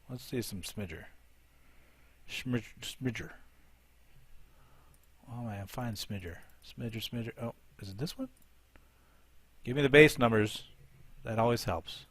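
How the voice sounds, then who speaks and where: A man hosting a live show, commentating game attack replays and thinking aloud as he looks for each one. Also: mid-range voice.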